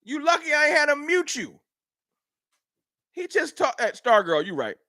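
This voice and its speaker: High-voiced dude roasting his chat on a stream, real animated, dry sound. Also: moderate pace, no room sound. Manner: trash-talking, animated, reads chat aloud. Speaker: livestream host. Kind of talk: casual livestream sports banter.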